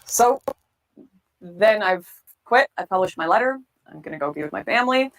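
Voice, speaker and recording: A woman's voice: medium pitch, expressive, moderate pace, a bit bright, soft background music, poor audio. A woman giving a candid, reflective account of her time in politics, sometimes acting out what others said. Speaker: political commentator telling her story. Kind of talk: storytelling interview.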